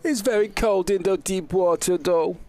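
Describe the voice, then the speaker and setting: A man playing a tabletop game, talking quickly and playfully in character. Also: high voice, dark tone, soft background music. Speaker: player.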